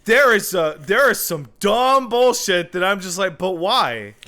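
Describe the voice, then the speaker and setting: A man's voice: high voice, very animated, unhurried, sharp tone. A man co-hosting a podcast in casual chat, making wry, joking asides. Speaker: podcast co-host.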